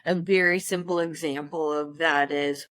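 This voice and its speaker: A woman's voice: deep voice, steady tone, moderate pace, a bit bright, dry recording. A woman co-hosting a casual podcast conversation, thoughtful and practical as she shares tips. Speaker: podcast co-host.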